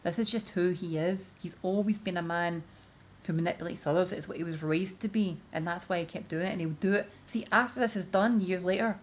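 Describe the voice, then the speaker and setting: Her voice fairly low and brisk, a woman streamer rambles through casual commentary, sprinkling in plenty of "like" while laying out her point of view.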